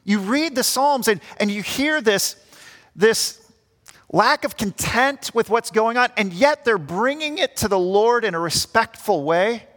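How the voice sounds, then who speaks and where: A man's voice: sits high, animated, measured pace, fairly bright tone. A young man preaching an earnest sermon as pastor, acting out the grumbling voices he quotes. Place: church. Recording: long church reverb.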